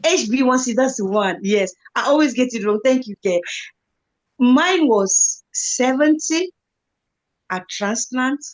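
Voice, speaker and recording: Over poor audio, a medium-pitched woman speaks as a guest in an online live talk, sharing her experience as a kidney patient. Her tone is sincere and inspiring, and she repeats phrases to drive points home.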